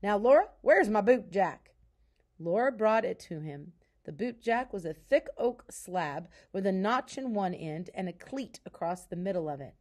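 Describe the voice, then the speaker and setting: Female teacher reading a children's book aloud, calm and soft. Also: on the low side, normal speed, hardly any pauses.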